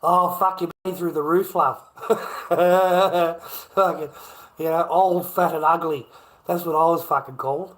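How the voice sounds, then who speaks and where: A man's voice: on the high side, fairly even intonation, unhurried, low-quality recording. An Australian man hosting a livestream, talking in a brash, profane and confrontational way as he reacts to chat comments at home. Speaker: livestream host.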